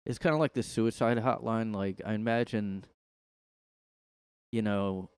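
A man's voice: lowish voice, steady tone, a little slow, darkish tone, clear, resonant tone, no room sound. A man hosting his own podcast in a casual, rambling monologue, sarcastic and full of "like". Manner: rambling, sarcastic, heavy use of "like". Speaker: podcast host. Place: his room.

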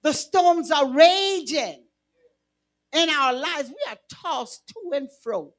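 Woman preacher, very high voice, slow unhurried delivery, sermon. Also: lively intonation. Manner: preaching, rising to shouts.

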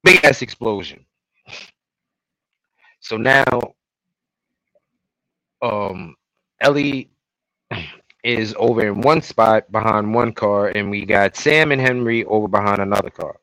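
Bright-voiced man retelling a show. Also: fairly low pitch, slow, pauses often, dry recording, poor audio. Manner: animated retelling, acting out scenes. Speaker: podcast co-host. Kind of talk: casual recap chat.

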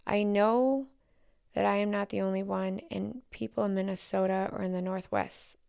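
Woman talking on her own podcast, lots of vocal fry, dry close mic, trails off into whispers. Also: mid-range voice, fairly even intonation, mellow, no room sound. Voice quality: gravelly fry. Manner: open, halting, often dropping to a near whisper. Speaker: podcast host. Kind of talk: candid solo podcast talk.

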